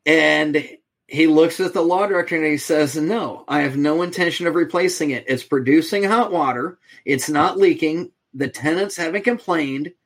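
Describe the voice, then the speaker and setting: A middle-aged man tells a story as a podcast guest, in a voice that sits a little high for a man. He acts out each side of the conversation, changing his voice for each speaker. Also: normal speed. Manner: animated storyteller, acts out quoted exchanges.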